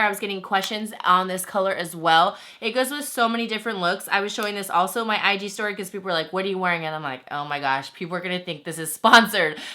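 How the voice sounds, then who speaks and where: A young woman talking casually to camera as a beauty vlogger, animated and full of fillers like "like". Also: on the low side. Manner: animated and chatty, lots of "like". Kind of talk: casual chatty vlog.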